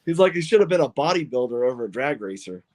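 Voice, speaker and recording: A man who owns and drives a funny car, telling stories in an excited, rambling way with lots of restarts on a podcast. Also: mid-range voice, fast talker. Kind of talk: podcast interview, casual storytelling.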